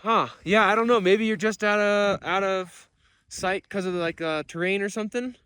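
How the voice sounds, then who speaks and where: A man on a windy high mountain, cold and tired, talking casually and hesitantly with many fillers. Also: steady tone, normal speed, fairly bright tone, clean tone, no room sound. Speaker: mountain biker on expedition. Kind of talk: casual vlog chat.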